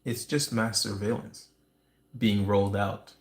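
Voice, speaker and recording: A man rambles through a conspiratorial livestream monologue, full of restarts and wry asides. His voice sits low with a gravelly fry. The sound carries a roomy echo. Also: little pitch movement, unhurried. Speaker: livestream host. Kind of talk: casual ranting monologue.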